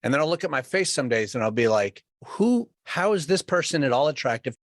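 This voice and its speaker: A man's voice: mid-range voice, animated, fairly quick, no echo, clean studio sound. A man co-hosting a podcast, candid and self-deprecating, swearing and acting out his own reactions. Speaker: podcast co-host. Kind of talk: casual chat.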